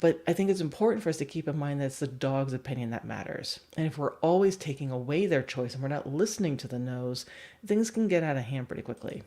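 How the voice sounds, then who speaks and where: A woman's voice: deep voice, animated, fast talker, dark tone. A woman dog trainer giving a chatty livestream teaching talk and laughing often.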